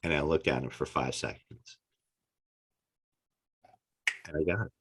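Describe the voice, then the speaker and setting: Man, deep voice, forceful delivery, animated storyteller, podcast guest chat. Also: fast, breathy edge. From United States. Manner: animated storyteller, acts out quotes. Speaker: actor guest. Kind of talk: casual interview chat.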